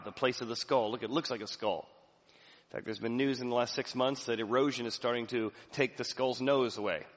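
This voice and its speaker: A male pastor preaching a sermon in a church, swinging from soft, low passages to loud, emphatic ones. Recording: reverberant hall, slightly dull sound.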